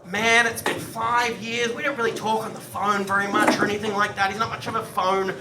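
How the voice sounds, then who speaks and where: A man doing a stand-up routine, animated and swearing freely, with loud outbursts before a live audience. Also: sits high, a little fast. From Australia. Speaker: stand-up comedian. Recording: echoey live venue from far off. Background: audience laughter and crowd noise.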